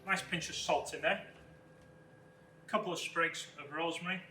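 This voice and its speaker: A man, a chef, talking through a cooking demonstration step by step in a relaxed way. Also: fairly high pitch, moderate pace, reverberant, slight background noise. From Wales.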